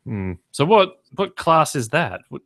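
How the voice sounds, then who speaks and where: A man's voice: fairly high pitch, very animated, unhurried, fairly bright tone. A man hosting a podcast in casual chat, tossing in dry jokes and asides. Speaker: podcast host.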